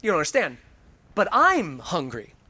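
Guy doing a wife who's starving and fed up, raised high voice. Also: wildly swooping pitch, normal speed, sharp tone, breathy edge, exaggerated voice. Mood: pleading. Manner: pleading, growing exasperated. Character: hungry, frustrated wife on a hike.

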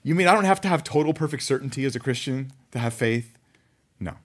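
A man preaching a conversational sermon, reading scripture aloud and commenting with animated asides. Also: medium pitch, quick pace. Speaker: pastor.

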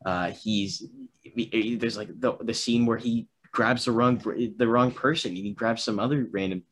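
A young man in a casual chat about a film, talking in halting stretches full of restarts and fillers. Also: mid-range voice. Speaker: film discussion co-host.

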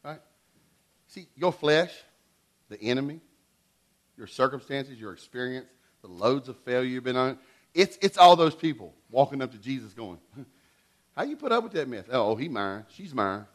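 A middle-aged man preaching a sermon in an animated way, swinging between loud and hushed delivery. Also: mid-range voice, normal speed, long pauses. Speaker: pastor.

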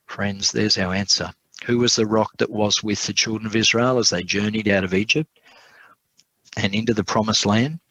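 A man's voice: on the low side, normal speed, fairly bright tone, no echo, poor audio. A man teaching a Bible study class, reading scripture aloud with emphasis and putting questions to his audience.

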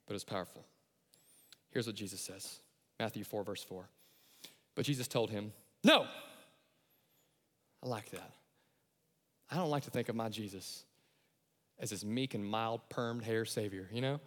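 A man preaching a lively sermon, acting out voices and shouting his key lines. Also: on the low side, normal speed, pauses often. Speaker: pastor. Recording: long hall reverb.

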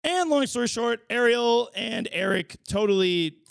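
High-voiced man reviewing a film, hoarse. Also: unhurried, no echo, studio quality. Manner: animated, swearing, acts out scenes in voices. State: losing his voice. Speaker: podcast host. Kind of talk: casual movie review monologue.

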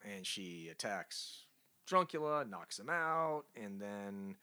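A sarcastic man co-hosting a comic book podcast and picking apart the plot. His voice is bright and forceful, and it swings widely in pitch. He talks in a loose, mocking, conversational way. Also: very animated, takes it slowly, smooth. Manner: rhetorical questioning. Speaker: podcast co-host. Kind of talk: casual comic book review chat.

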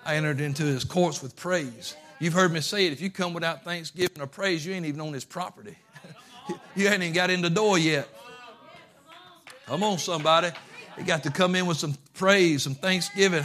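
A man pastor preaching a fervent sermon, moving from quiet asides to shouting. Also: fairly high pitch, a little fast. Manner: fervent, swings from hushed to shouting.

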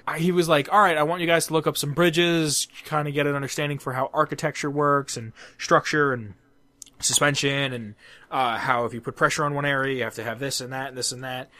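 Young male podcast co-host, slightly high voice, loose and profane storyteller. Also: fairly even intonation, a little fast, sharp tone, dry recording. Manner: rambling, profane, laughs at his own jokes. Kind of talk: casual storytelling chat.

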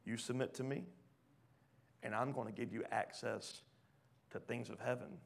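A man preaching a sermon, reading scripture aloud and questioning the congregation, swinging from hushed lines to loud ones. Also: mid-range voice, fairly even intonation, moderate pace, creaky. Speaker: pastor.

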